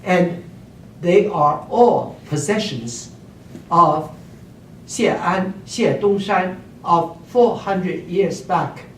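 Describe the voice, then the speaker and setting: Male teacher, unhurried, checks in with students often; roomy distant classroom sound with faint hiss. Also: sits high. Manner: keeps checking in with the class, hums and sings examples. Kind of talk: classroom lecture. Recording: roomy classroom recorded from afar.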